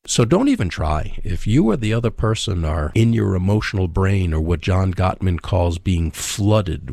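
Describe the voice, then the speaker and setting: A man hosting a faith-based radio show, teaching about relationships with emphatic, preacher-like delivery and pauses for emphasis. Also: deep voice, creaky, a little mellow, no echo, studio quality.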